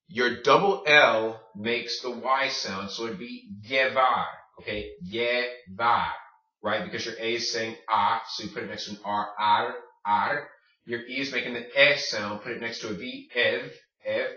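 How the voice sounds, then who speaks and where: A man's voice: medium pitch, pushed and bright, echoey room. Male language teacher, patient drilling delivery, distant dull lo-fi room recording. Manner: drills words slowly, asks "okay?" often. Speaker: Spanish teacher. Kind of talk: video lesson.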